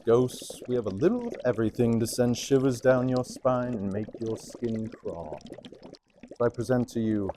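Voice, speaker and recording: A man's voice: mid-range voice, warm tone, slight background noise, close to an everyday voice. A man playing a theatrical spooky host. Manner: theatrical, mock-sinister. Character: spooky male script keeper host.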